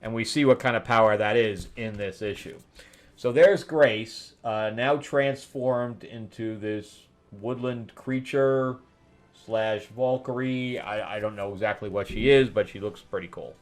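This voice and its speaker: A man's voice: fairly low pitch, unhurried. Man casually recapping comics. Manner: rambling retelling with laughs and asides. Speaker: comic review host.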